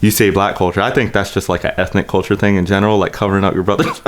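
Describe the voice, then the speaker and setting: Laid-back low-voiced man, casual swearing. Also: fast talker. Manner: relaxed, swears casually, short reactions. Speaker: podcast co-host. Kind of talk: casual chat.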